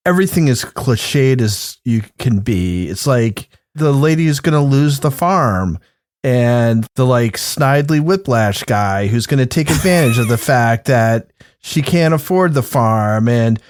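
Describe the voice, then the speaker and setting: A man's voice: a little high, dry recording, clean studio sound. A man co-hosting a podcast in casual chat, musing and hedging as he talks. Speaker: podcast co-host.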